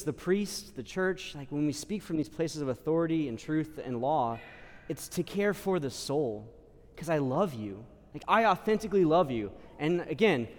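A man's voice: fairly high pitch, a little mellow, in a large hall. A man, a priest, preaching a sermon in a casual, conversational way, full of fillers and acted-out quotes. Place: church.

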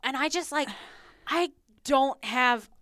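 A woman co-hosting a podcast in casual chat, animated, swearing casually and laughing a lot. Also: sits high, slow pace, no room sound, clean studio sound. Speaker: podcast co-host. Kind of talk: casual reality-TV recap chat.

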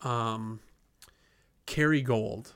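A man in his thirties, a podcast co-host, telling stories in casual chat, animated, laughing and swearing often. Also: mid-range voice, extremely slow. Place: podcast studio.

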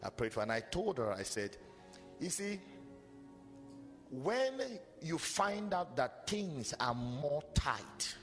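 A man preaching a sermon as pastor, animated and storytelling with mocking asides. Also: on the high side, takes it slowly. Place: church hall. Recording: long hall reverb with faint music.

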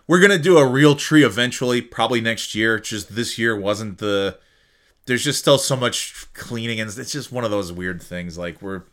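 A man's voice: medium pitch, animated, moderate pace, fairly bright tone. Rambling, self-mocking male podcast host. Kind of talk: casual solo podcast chat. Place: home.

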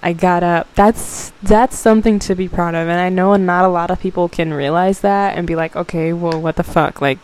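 A woman's voice: fairly low pitch, rough recording. A young woman hosting a podcast, giving a casual motivational talk, emotional and close to tears, swearing and laughing as she goes. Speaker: podcast host.

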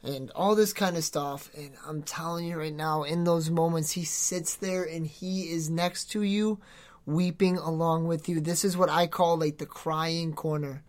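With a steady, medium-pitched voice and measured pace, this podcast host offers a devotional in a loose, sermon-like way. He urges listeners earnestly but rambles, frequently starting over and correcting himself.

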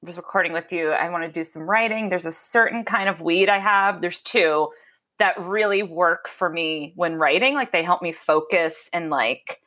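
A woman hosting a podcast, chatting in a lively, casual way with many fillers. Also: fairly low pitch, normal speed. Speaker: podcast host.

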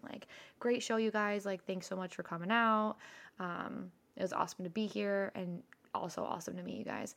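Gravelly young woman telling a story. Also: mid-range voice. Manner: chatty, swearing freely, animated storytelling. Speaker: podcast co-host. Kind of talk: casual chat.

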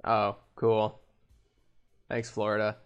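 A man's voice: lowish voice, completely flat delivery, slow pace, clear, resonant tone, lo-fi sound. A man co-hosting a podcast, dropping dry, sarcastic remarks in casual chat. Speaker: podcast co-host.

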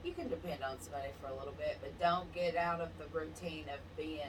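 A woman's voice: deep voice, fast. A woman in casual chat, laid-back and blunt, agreeing with a good deal of swearing. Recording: distant mic with clear background noise.

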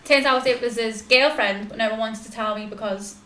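High bright-voiced young woman rambling. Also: fairly quick, echoey room. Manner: rambling, full of "like" and restarts. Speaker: podcast host. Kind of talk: casual storytelling chat.

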